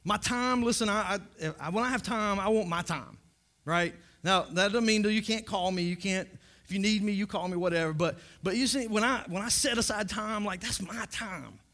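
Man, pastor, high voice, jokey sermon, repeats words when starting sentences. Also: normal speed, pushed and bright. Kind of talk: humorous sermon.

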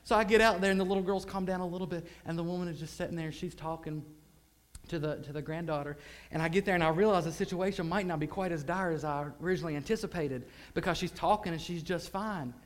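A man preaching a sermon, telling a story animatedly and swinging from hushed tones to loud bursts. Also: on the high side, quick pace.

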